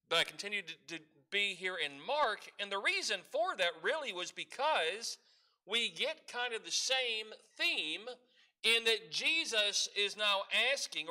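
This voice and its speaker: Pastor guy preaching, high bright voice, leads the church in call and response. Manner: leads the congregation in call-and-response, reads scripture aloud. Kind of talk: sermon.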